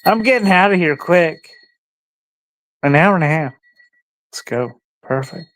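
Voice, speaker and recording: A man's voice: on the high side, expressive, unhurried, fairly bright tone. A man hosting a casual livestream, rambling and musing aloud, sometimes talking to his dog. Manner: rambling, talks to his dog between thoughts. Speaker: livestream host.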